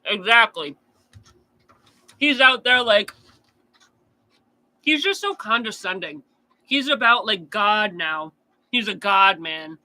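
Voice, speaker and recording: A man's voice: high voice, expressive, takes it slowly, long pauses, bright, forceful tone, low-quality recording. A man chatting casually on a true crime stream, answering chat in a blunt, profane rant.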